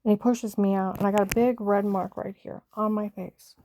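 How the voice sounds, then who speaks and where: Mellow-voiced middle-aged woman telling her story. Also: mid-range voice, flat delivery, normal speed, slight background noise. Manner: rambling, emotional, many fillers and restarts. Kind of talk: casual personal storytelling.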